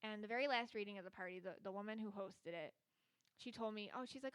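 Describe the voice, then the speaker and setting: Speaking quickly in a mid-range voice, a woman hosts a solo podcast as a psychic reader. Her casual talk rambles and is packed with filler words, and the recording is clean with no echo.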